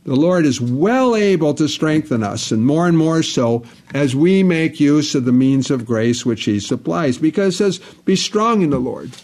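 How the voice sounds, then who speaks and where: A man's voice: on the high side, expressive, moderate pace, few pauses, a little mellow. A man preaching a sermon, stressing points by restating phrases over and over. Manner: repetitive, emphatic, restates phrases.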